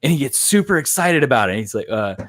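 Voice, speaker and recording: A man hosts a casual reaction chat in a lively, sing-song way, his pitch swinging widely as he recaps scenes. He laughs often and slips into quick impressions of the characters. The sound is dry and close. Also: no echo. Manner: animated, laughs often, acts out characters' lines. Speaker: podcast host.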